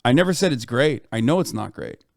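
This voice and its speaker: A man's voice: mid-range voice, lively intonation, a little fast, vocal fry, dry recording, studio quality. A live streamer man giving heated political commentary, arguing bluntly and swearing freely.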